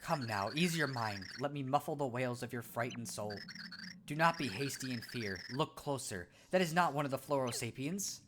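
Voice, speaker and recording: A man reading a calm, meditative tiny pixel spirit from a video game in a lowered, soothing voice. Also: normal speed, background noise, close to an everyday voice. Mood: calm solemn.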